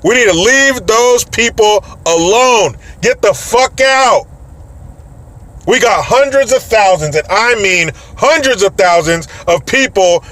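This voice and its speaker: A man delivers political commentary as a rant, blunt and profane. His voice sits fairly high and he mocks the people he talks about. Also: lively intonation, takes it slowly, a bit bright. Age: adult with children.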